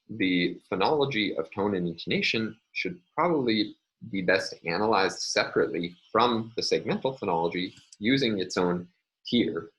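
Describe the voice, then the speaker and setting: A man with a very deep, fairly bright voice gives a university lecture, captured in a muffled recording. He works through each point step by step in a measured way, frequently pausing with fillers.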